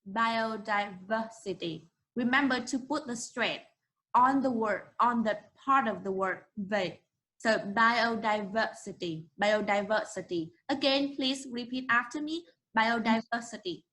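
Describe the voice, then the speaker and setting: A young woman with a Vietnamese accent teaching an English class online, encouraging and slowly modeling words for students to repeat. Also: on the high side, sharp tone, poor audio.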